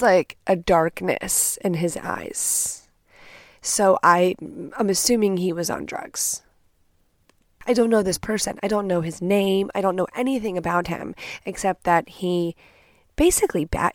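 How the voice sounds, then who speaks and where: Give me a young woman host retelling a wild story with animated, profane energy, recorded dry and close. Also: lowish voice, no room sound. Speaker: podcast host. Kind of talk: casual storytime monologue.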